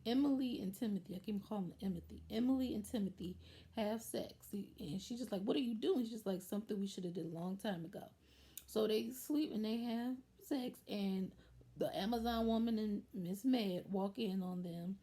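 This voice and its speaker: A woman vlogger casually recapping a TV episode, acting out the characters' lines as she goes. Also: mid-range voice. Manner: animated retelling, acts out lines of the characters.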